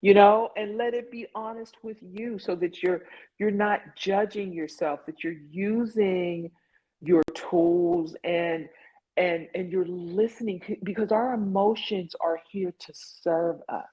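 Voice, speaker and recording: Woman facilitator, mid-pitched, earnest and chatty, leading an online support group over muffled lo-fi video-call audio. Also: fairly even intonation, measured pace, slightly rough. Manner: conversational, earnest, lots of "like" and "you know". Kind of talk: guided online group session.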